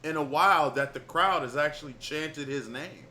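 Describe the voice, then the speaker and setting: A man's voice: a little high, normal speed, sharp tone, slight background noise. A man co-hosting a wrestling review podcast, chatting casually and laughing often. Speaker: podcast co-host.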